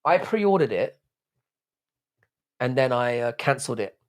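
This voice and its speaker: A man's voice: mid-range voice, animated, unhurried. A man with a strained throat hosting a livestream, reading out chat and bantering back in a laddish, sweary way. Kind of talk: casual live stream chat.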